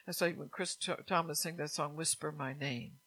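A woman's voice: low voice, steady tone, normal speed, a bit bright, low-quality recording. A woman preaching a sermon to her congregation, earnest and repetitive, with frequent laughs.

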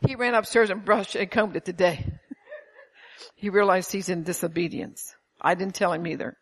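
A woman's voice: fairly low pitch, fairly even intonation, moderate pace. An older woman preaching an informal sermon to a small congregation, telling stories with emphasis and frequent chuckles. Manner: emphatic, storytelling, chuckles often.

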